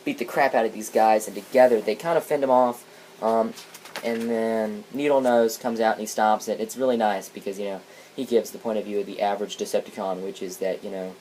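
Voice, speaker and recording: A man's voice: fairly low pitch, steady tone, a little fast, a little mellow, a little hiss or hum, rough recording. A man giving a casual spoken comic review, rambling and hesitant, often restarting his sentences.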